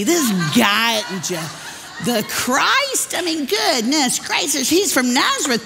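A woman voicing a gruff, skeptical fisherman, blunt and folksy, with a long church-hall reverb. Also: sits high, a bit bright, slight background noise, pitched above the performer's own voice, exaggerated voice.

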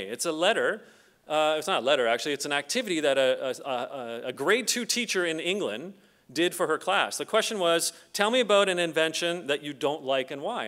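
Animated middle-aged man giving a keynote. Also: a little high. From Canada. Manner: animated storyteller who acts out quoted voices. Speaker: keynote speaker. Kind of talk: conference keynote with storytelling.

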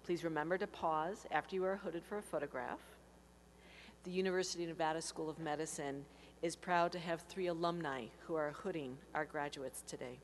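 A woman announcing and reading out names at a formal ceremony, in a clear, steady delivery. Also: deep voice, fairly quick. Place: large hall. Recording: faint hum.

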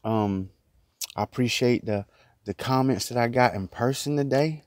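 A man's voice: mid-range voice, moderate pace, a little mellow, no room sound, clean studio sound. A man vlogging casually from inside a small closet, rambling in a loose, chatty way while he eats. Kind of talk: casual mukbang chat.

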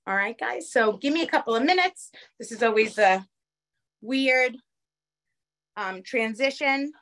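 A woman with a New York accent teaching a live online craft class over a phone camera, chatty and quick, checking in with the viewers often. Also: fairly high pitch, expressive, a bit bright. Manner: fast-talking, chatty, keeps checking in with "okay?". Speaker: craft instructor.

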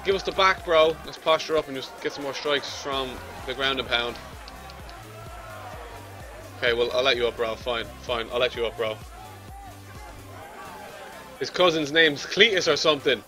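A young man with a medium-pitched voice talks at normal speed, pausing often, as he casually commentates his own video game match. He's brash and swears, trash-talks his opponent, and yells when he's losing. Soft music and a faint crowd sit in the background.

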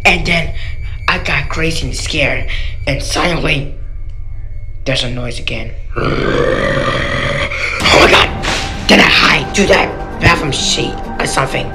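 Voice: medium pitch, unhurried. A cartoon storyteller telling a scary story dramatically, jumping between squeals and whispers. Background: clear music.

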